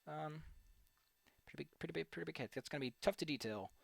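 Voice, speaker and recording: A man's voice: fairly high pitch, quick pace, vocal fry, no room sound. A young man rambling goofily as he draws on a stream, repeating words playfully and joking to himself. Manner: goofy, rambling, playful repetition. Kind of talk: casual commentary while drawing.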